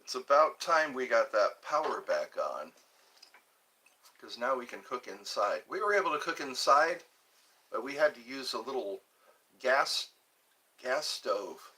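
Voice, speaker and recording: A man's voice: medium pitch, very animated, unhurried, pauses often, bright, forceful tone, slightly rough. A man from the hosting a casual livestream, rambling and reading chat messages aloud. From Georgia, USA. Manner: rambling, reads chat aloud, chuckles to himself. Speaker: livestream host. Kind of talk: casual live-stream chat.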